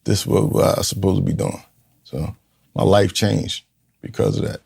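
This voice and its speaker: A man's voice: sits low, fairly even intonation, moderate pace, gravelly, a little mellow, slightly rough. A man in his fifties from Newark, a community leader telling a raw, profane personal story in an interview and acting out the voices he quotes. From Newark, New Jersey, USA. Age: 50s. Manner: raw, blunt and profane, with streetwise phrasing; vividly acts out the people he quotes. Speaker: podcast guest, community leader.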